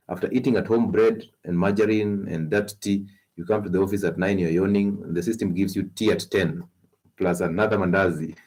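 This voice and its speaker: A man with a Kenyan accent hosting a health talk stream, animated and coaxing, laughing often as he gives advice. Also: low-pitched, slightly rough. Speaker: health show host.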